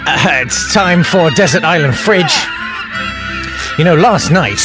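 A man's voice: fairly high pitch, animated, slow, music in the background. A man hosting a radio show, rambling through comedic chat with lots of ums, tangents and self-amused asides. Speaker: radio host.

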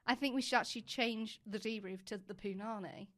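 A woman's voice: fairly high pitch, brisk, fairly bright tone. A young woman co-hosting a podcast, telling crude stories in casual chat and laughing often. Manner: giggly, crude, storytelling. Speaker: podcast co-host.

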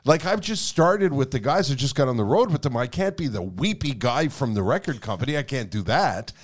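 Brief: lively male podcast co-host, a storyteller who laughs through his lines, with a wide-ranging voice. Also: mid-range voice, brisk. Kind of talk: casual storytelling chat.

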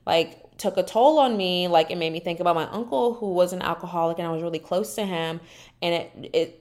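Solo woman podcast host, low-ish voice, sassy casual recap chat with exaggerated put-on quotes. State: dry mouth.

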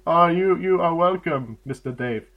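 A man's voice: fairly high pitch, moderate pace, lo-fi sound, natural voice. A man voicing a male foreign job interviewer who speaks broken, overly polite English. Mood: mock formal.

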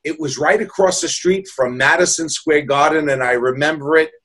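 A man's voice: on the high side, normal speed, a bit bright. A man, a balloon artist telling heartfelt, rambling stories in a jokey, casual way. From New York, USA. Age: 60s. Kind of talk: casual storytelling.

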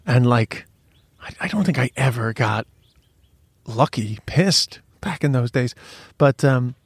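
A man's voice: mid-range voice, lively intonation, slow pace, husky, no room sound. A man co-hosting a podcast, telling stories in frank, sweary casual chat with many stumbling restarts. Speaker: podcast co-host.

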